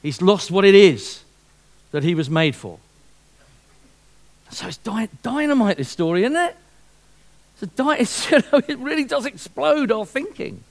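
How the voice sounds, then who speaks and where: A man preaching a sermon, lively and fond of repeating himself and asking rhetorical questions. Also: high voice, moderate pace, pauses often.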